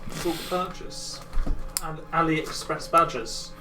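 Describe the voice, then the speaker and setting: A man's voice: a little high, fairly even intonation, takes it slowly, roomy sound, distant mic, music in the background, poor audio. A man playing a tabletop game, throwing in jokes from across the table. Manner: joking. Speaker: player. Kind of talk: casual tabletop game play.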